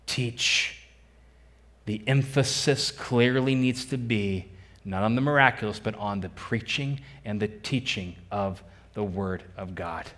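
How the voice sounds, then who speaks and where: A man's voice: fairly low pitch, a little slow, a bit bright. A man preaching a sermon as a pastor, emphatic and repeating key phrases, putting questions to his congregation.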